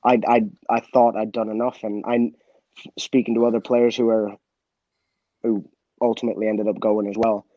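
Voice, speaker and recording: A former footballer being interviewed, telling a story candidly, with many restarts and quoted dialogue. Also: male voice, lowish voice, level tone, moderate pace, long pauses, mellow, dry recording, dull audio.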